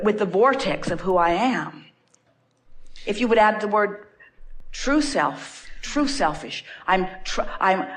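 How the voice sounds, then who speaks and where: A woman channeling as a collective "we" in an inspirational spiritual talk, emphatic and repetitive with playful asides. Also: mid-range voice. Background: background music.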